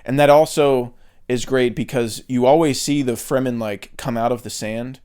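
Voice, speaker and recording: A man's voice: medium pitch, steady tone, moderate pace, a little mellow, clean tone. Man chatting loosely about a film. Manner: loose and enthusiastic, with frequent swearing and filler words. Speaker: podcast co-host. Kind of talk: casual film review chat.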